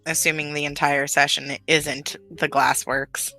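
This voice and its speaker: A woman chatting as a player in a tabletop game, animated and quick to laugh. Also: sits low, soft background music. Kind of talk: casual tabletop chat.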